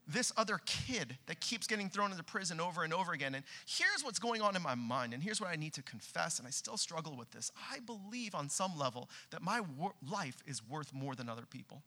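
A young adult man preaching a sermon in a church, telling a personal story with earnest delivery that climbs to loud, animated peaks. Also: fairly high pitch, brisk. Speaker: pastor.

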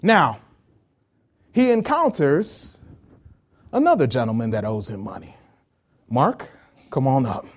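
A man preaching a sermon as pastor, halting and repeating himself and chuckling as he talks with the congregation. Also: medium pitch, big pitch swings.

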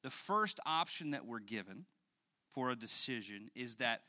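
A man in his thirties, a pastor, preaching a sermon and telling an animated story about his young daughter. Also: medium pitch, unhurried.

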